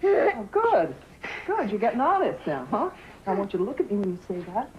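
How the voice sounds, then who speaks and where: An actress playing a firm, relentless therapist who pushes insistently and then softens to hushed reassurance. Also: female voice, medium pitch, huge pitch swings, a little fast, lo-fi sound, noisy background. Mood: coaxing, insistent. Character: firm, relentless female therapist, middle-aged. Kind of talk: film drama acting.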